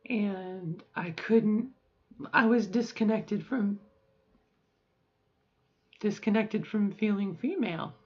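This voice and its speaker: Middle-aged woman vlogging from home, thoughtful and halting, kinda sore strained voice, bit muffled lo-fi audio. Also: mid-range voice, husky. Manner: reflective, halting, with frequent fillers and restarts. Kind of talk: personal video diary.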